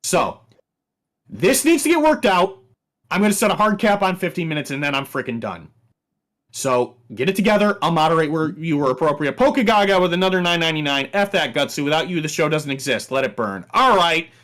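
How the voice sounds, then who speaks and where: A man's voice: fairly high pitch, fairly quick. A man hosting a talk show, addressing the audience and firmly moderating his co-hosts. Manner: animated, firm moderator. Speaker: show host.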